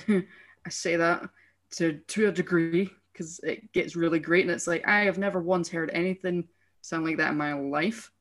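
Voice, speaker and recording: A young adult with a Scottish accent talks in a loose, animated podcast chat. The speech is mid-pitched and rambles with frequent restarts. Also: normal speed. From Scotland. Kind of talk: casual chat.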